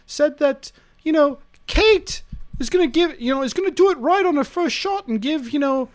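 A man's voice: very high voice, lively intonation, normal speed. A man co-hosting a casual chat show, answering with dry, teasing remarks. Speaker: podcast co-host.

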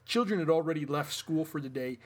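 A man's voice: a little high, fairly quick, slight background noise. A man co-hosting a podcast, reading out news stories with joking asides in a casual chat. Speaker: podcast co-host.

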